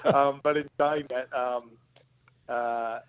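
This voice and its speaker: An Australian man phones in to a sports radio show and tells a story in a wry, joking way. His voice sits in a middle pitch. The call comes through slightly muffled and dull. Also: fairly even intonation, slow, smooth. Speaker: guest caller, regular contributor. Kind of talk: casual phone chat. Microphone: phone line.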